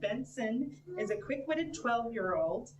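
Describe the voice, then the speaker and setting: A woman's voice: a little high, lively intonation, slow pace, a crowd in the background. Woman emceeing in an echoey room. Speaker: emcee introducing youth storytellers. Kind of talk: reading scripted introductions. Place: library event room. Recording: roomy echo, distant mic.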